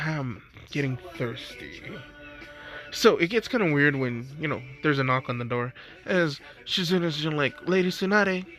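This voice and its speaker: A man's voice: fairly high pitch, fairly bright tone. A young man casually narrating an improvised fan story, rambling with restarts, over faint music.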